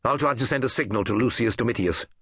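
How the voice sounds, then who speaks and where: A man voicing a sharp-eyed Roman officer who speaks in terse, urgent bursts. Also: mid-range voice, quick pace, dry recording, studio quality.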